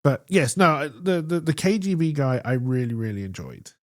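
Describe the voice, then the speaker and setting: Animated man chatting casually. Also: fairly high pitch, normal speed. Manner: enthusiastic, animated storytelling. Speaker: podcast co-host. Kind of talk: casual chat.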